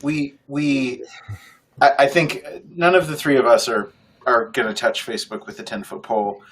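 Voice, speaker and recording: A man's voice: medium pitch, level tone, normal speed, fairly bright tone, slight background noise, poor audio. Man musing aloud on a podcast. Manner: thinking aloud, posing questions. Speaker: podcast co-host. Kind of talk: casual panel discussion.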